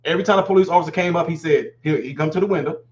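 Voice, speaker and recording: A man's voice: fairly high pitch, muffled recording. A man in his forties hosting a live call-in show, talking emphatically and acting out quoted lines. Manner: fast, emphatic, acts out quotes. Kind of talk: animated call-in talk.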